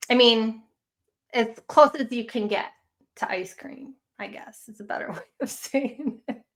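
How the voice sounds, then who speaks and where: A woman's voice: a little high, measured pace, a bit bright. A woman with a Chicago accent hosting a casual livestream chat, rambling and chatty with lots of fillers. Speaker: livestream host.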